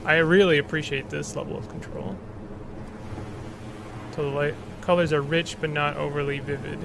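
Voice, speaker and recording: A man's voice: on the high side, level tone, moderate pace, creaky, noisy background. A man streaming a video game, chatting casually and rambling with restarts as he plays. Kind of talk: casual gameplay commentary.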